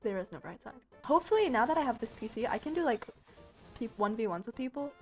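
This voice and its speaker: High-ish girl voice yelling and pew-pewing thru a shooter game at home, faint music in the back. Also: fast. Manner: excitable, shrieks and exclaims, makes gun noises. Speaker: gaming YouTuber. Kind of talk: live gameplay commentary.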